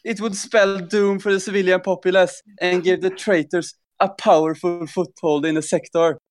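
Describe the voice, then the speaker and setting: Swedish man hamming up a broad mock-Norwegian narrator, raised pitch, smooth voice, grave and declaiming. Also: little pitch movement, moderate pace, close to an everyday voice. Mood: solemn. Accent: put-on Norwegian accent. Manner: dramatic, declaiming. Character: mock-Norwegian man reading grim war briefing.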